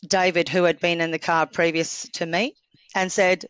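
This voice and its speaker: A woman in her forties from Australia talks as a podcast guest in a slightly low voice. She tells her stories with lively energy and acts out what people said. The sound is dry and close. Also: moderate pace, smooth, no echo. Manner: lively storyteller, acts out quotes. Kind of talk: casual interview chat.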